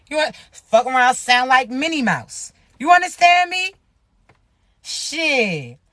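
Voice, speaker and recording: A high-pitched, bright-toned voice cuts through with blunt, profane spiritual love advice, driving each point home with repeated check-ins to the listener. The sound is dry and close, with no room echo. The talk is casual, motivational and unfiltered. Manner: blunt, profane, emphatic, keeps asking "you understand me?".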